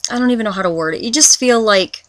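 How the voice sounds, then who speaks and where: A woman in her twenties speaks to the camera in a confessional vlog, at a middle pitch and close to the mic. She rambles and restarts often, and the sound is dry and direct with no room around it. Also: dry recording. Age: 20s. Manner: halting, rambling, with many restarts. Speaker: vlogger.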